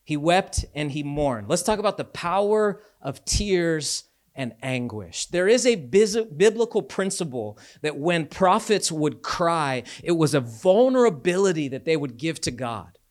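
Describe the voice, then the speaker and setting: Male pastor, sermon delivery, casual and animated, voice a touch high. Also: a little slow. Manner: conversational, animated preaching with asides.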